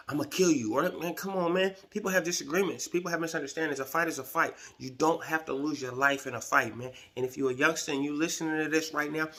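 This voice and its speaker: A man's voice: a little high, pushed and bright. A middle-aged man from Sacramento telling a prison story on his video blog in casual street slang, checking in with "right?" and "man" as he goes. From Sacramento, California. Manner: acts out the people in his stories. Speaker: vlogger telling prison stories.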